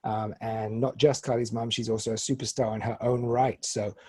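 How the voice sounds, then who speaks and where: A man in his forties with an English accent co-hosts a casual talk show. He jokes at his own expense in a husky voice. His talk is loose and playful. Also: medium pitch, level tone, normal speed, mellow. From England. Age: 40s. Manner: jokey, self-deprecating. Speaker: podcast co-host. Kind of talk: casual chat.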